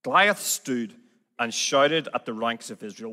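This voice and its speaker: A man with a Belfast accent, a guest preacher giving a sermon and reading scripture aloud in a gently self-deprecating manner. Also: mid-range voice, lively intonation, unhurried. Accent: Belfast, Northern Irish. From Northern Ireland. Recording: long hall reverb.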